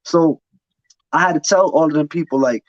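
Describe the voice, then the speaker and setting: A man's voice: on the high side, moderate pace, no room sound. A man telling his story in casual chat, blunt, profane and heated. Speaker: podcast guest. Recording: dull, dry lo-fi sound.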